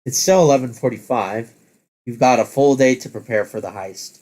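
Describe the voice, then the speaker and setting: A man reading a text adventure aloud as game master, halting and correcting himself as he goes. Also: medium pitch, darkish tone.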